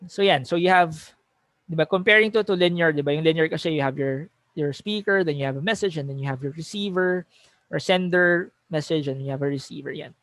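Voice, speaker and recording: Filipino male lecturer, fairly high voice, dry booth-like sound, self-correcting conversational delivery. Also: quick pace, a bit bright, no echo. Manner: reads example sentences aloud with shifting emphasis, frequent self-corrections. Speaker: teacher giving a webinar. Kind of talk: conversational lecture mixing English and Tagalog.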